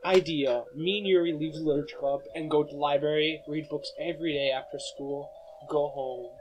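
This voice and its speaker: A young man playing a visual novel, reading it aloud and blurting excitable, profane reactions. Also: on the high side, fairly quick, soft background music, rough recording. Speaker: gamer.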